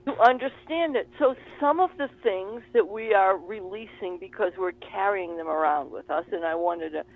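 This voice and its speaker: Animated woman on a tinny phone line. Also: mid-range voice, normal speed. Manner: animated, laughing storyteller. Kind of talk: casual conversation on a call.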